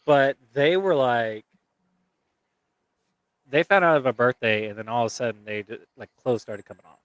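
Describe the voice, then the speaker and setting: A man's voice: mid-range voice, normal speed, smooth, no room sound. Profane rambling male storyteller. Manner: rambling, profane, laughs through his story. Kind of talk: casual storytelling chat.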